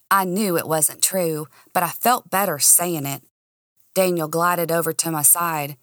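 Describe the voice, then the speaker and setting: A woman's voice: sits low, measured pace, no echo, clean studio sound. Woman reading an audiobook cozily. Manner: cozy, expressive first-person reading. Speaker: storyteller. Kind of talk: audiobook narration.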